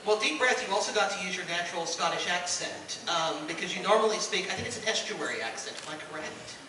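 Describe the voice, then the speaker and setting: A man's voice: high voice, lively intonation, quick pace, background noise. A man moderating a panel, asking questions in a chatty way with self-deprecating asides. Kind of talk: interview questions. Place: convention hall on stage. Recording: echoey hall from far off.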